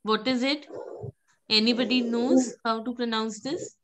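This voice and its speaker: A woman, teaching a French pronunciation class, patiently repeating words and gently correcting her students. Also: fairly high pitch, level tone, unhurried, noisy background.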